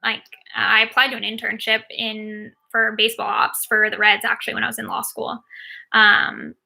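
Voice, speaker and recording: A woman in her thirties chats loosely through viewer questions, filling pauses with ums and likes. Her voice is strikingly bright, with a gravelly fry running through it, and sits a little high. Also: little pitch movement. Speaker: sports agent. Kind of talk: casual Q&A while watching a game.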